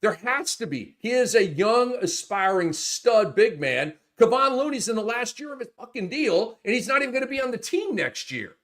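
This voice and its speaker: A man hosting a fantasy basketball show, talking in animated, casual chat that swings from muttering to loud, swearing outbursts. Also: extremely high pitch, normal speed, few pauses.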